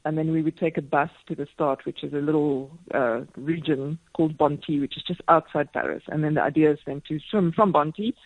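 A woman in her forties, a radio guest telling stories in a lively, self-deprecating way, laughing often. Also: low voice, brisk, hardly any pauses, no echo, narrow, tinny audio. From South Africa. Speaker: marathon swimmer and speaker, radio guest. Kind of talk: casual radio interview chat. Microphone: phone line into radio studio.

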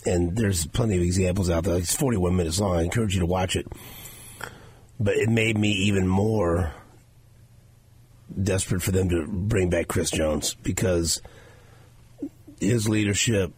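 A man hosting a sports radio show, telling stories in a casual, animated way and acting out the quotes. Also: low voice, slightly rough. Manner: animated storytelling, acts out quotes. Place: radio studio.

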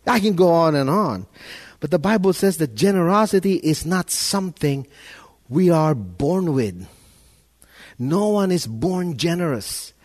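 A man's voice: a little high, sing-song, unhurried. Emphatic man preaching a sermon. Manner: emphatic, repeats words, rises and falls in loudness. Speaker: pastor.

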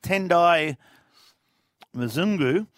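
Bright-voiced Australian radio quiz host. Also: male voice, a little high, animated, drawn-out words, no room sound. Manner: laughing, playful. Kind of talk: jokey radio banter. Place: radio studio.

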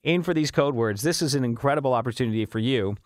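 A man's voice: medium pitch, fast talker, no echo, clean studio sound. A man hosting a morning radio show, chatting casually and reading listener texts aloud with an upbeat, easily amused manner. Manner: chatty and upbeat, laughs easily, frequent restarts. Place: radio studio. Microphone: studio microphone.

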